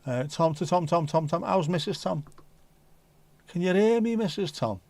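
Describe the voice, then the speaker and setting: A man's voice: sits high, animated, moderate pace, darkish tone, no room sound. A man hosting a casual livestream who reads viewer comments in a jokey, rambling, playful way. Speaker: livestream host.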